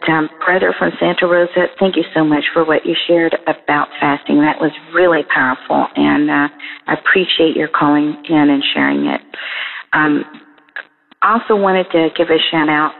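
A woman's voice: deep voice, creaky, big-room sound. Emotional woman on a tinny phone line. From Central Florida. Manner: tearful, emotional. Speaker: caller. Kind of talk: phoned-in prayer message.

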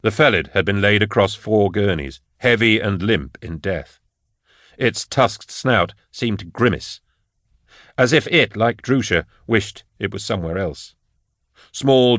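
A male narrator reads a story in a measured, even manner. His voice is low and steady. The studio recording is close and dry. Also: no room sound. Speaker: audiobook narrator. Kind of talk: scripted narration.

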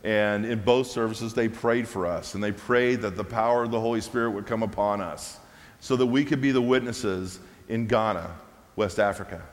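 Lowish male preacher in a big echoing hall. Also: normal speed. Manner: animated storyteller, laughs at own story. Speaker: preacher sharing a testimony. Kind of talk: sermon testimony storytelling. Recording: long hall reverb.

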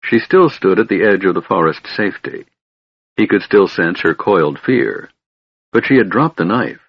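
A man narrating a fantasy novel in a measured, steady way. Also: deep voice, slightly rough, no room sound, muffled recording. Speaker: audiobook narrator.

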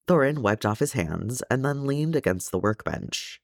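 A man narrating a fan fiction audiobook in an expressive storytelling manner. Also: medium pitch, moderate pace, vocal fry, hardly any pauses, no echo, clean studio sound. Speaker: audiobook reader.

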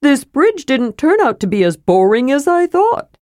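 Storybook kender, cheerful and nimble, high and bright, a woman narrator doing him. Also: very animated, moderate pace, dry recording, studio quality. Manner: bright, eager, chirpy.

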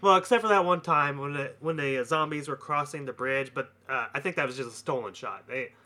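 A man's voice: medium pitch, fairly quick, pushed and bright. A man chatting on a podcast, adding dry, wry jokes. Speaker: podcast co-host. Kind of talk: casual banter.

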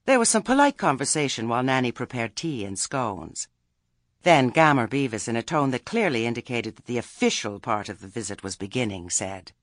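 A man's voice: fairly low pitch, animated, normal speed, fairly bright tone, dry recording, studio quality. A man reading a story aloud as narrator, with a wry telling. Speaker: audiobook narrator. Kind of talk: scripted narration.

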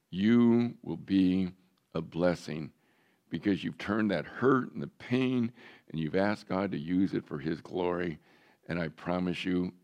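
With a deep, somewhat dark voice, this man in his 70s, a pastor, shares his personal testimony in a frank, humorous sermon. The recording's high frequencies are cut off.

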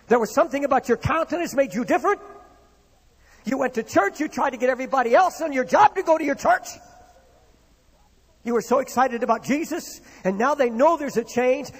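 A man's voice: extremely high pitch, gravelly, slightly rough. A man preaching a sermon with impassioned, rising and falling delivery, in a church hall. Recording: long reverb of a hall.

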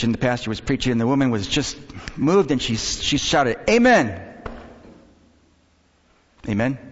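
Lively male pastor preaching in a reverberant hall. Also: medium pitch. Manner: lively, joking, storytelling with acted quotes. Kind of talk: sermon. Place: church sanctuary. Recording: dull hall recording with long reverb.

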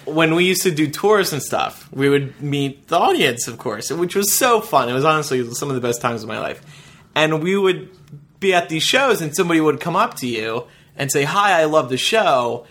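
A man's voice: fairly high pitch, normal speed. Laid-back, easygoing podcast co-host guy. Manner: easygoing, laughs often, tells stories at a relaxed clip. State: nosebleed, pinching his nose. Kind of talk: casual chat. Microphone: studio podcast mic.

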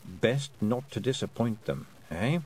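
A man's voice: lively intonation, a little slow, a little mellow, husky. A man voicing a dry, knowing male talking toad who murmurs wry asides. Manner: low, confiding, wry. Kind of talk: audiobook character voice.

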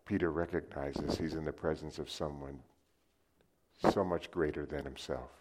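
Deep-voiced animated male preacher. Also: moderate pace, very noisy. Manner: animated, acts out stories with sound effects. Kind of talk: sermon with storytelling.

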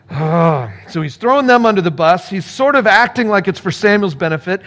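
A male pastor giving a sermon with scripture reading, playful and animated, acting out the characters. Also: high voice, a little fast.

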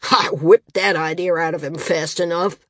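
A woman's voice: fairly low pitch, fairly even intonation, moderate pace, no echo, studio quality, lightly acted. A woman voicing a small, arrogant male flyer who snaps and sneers, in an audiobook. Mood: sneering. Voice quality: snapping, sneering delivery.

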